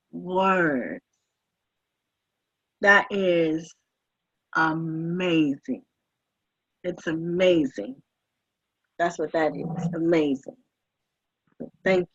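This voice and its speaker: A woman's voice: on the low side, breathy edge, no echo. A woman coaching a group on a video call, affectionate and effusive, repeating words of praise. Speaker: life coach. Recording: dry, dull video call audio.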